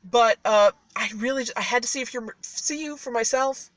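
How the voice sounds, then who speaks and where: A wheedling talking tomcat, played by a woman who butters up his target in loose, slangy chatter, and his voice sits a touch high. The sound is dry and close, with no room around it. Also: normal speed, no echo, close to an everyday voice. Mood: sly flattering. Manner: flattering, wheedling, casual slang. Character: sly smooth-talking male cat.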